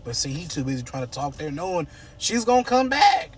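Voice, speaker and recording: Animated man recapping a soap, slightly distant. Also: a little high, brisk, breathy edge. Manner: animated, playful, acts out characters' lines. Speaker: soap opera recap host. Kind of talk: casual recap chat.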